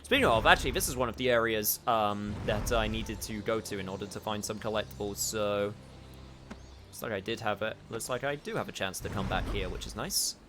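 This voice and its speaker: A man's voice: on the low side, brisk. Chatty man streaming a game. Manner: rambling and chatty, with sudden excited outbursts. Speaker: gamer streaming a playthrough. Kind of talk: casual live-stream commentary. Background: game music.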